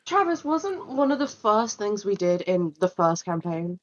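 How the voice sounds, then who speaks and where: A woman's voice: mid-range voice, very animated, a little slow, muffled recording. A woman playing in a tabletop game, chatting playfully and laughing often. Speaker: player. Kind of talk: casual chat during a tabletop game.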